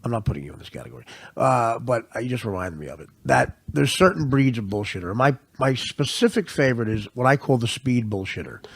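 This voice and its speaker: A man's voice: medium pitch, sing-song, fast talker, hardly any pauses, breathy edge. A man hosting a comedy podcast, telling rambling, profane stories and laughing often. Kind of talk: comedic storytelling.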